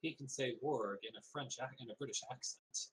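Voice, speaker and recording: A man's voice: mid-range voice, steady tone, fairly quick, a bit bright, husky, rough recording. A man playing a tabletop game over a voice call, joking and thinking aloud about tactics.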